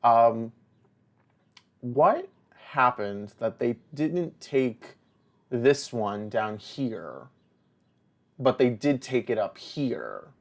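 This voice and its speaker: This young man talks through his game in a loose, rambling way, drifting into stories and then turning to tease the little characters on screen. His pitch sits in the ordinary middle range for a man, and the whole thing feels like relaxed, unscripted commentary. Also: very slow. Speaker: let's play host. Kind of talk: casual gameplay commentary.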